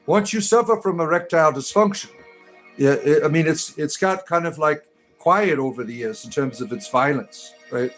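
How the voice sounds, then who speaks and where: A man's voice: on the high side, animated, a little slow, faint music behind. Combative man ranting on a livestream. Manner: combative, mocking, repeatedly says "right?". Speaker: livestream host. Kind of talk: livestream chat reading.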